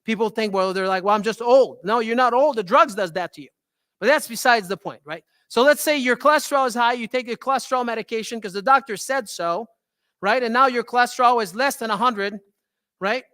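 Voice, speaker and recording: A man with a French Canadian accent, a holistic health doctor giving a live talk to an audience, animated and often asking "right?". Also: extremely high pitch, fairly quick.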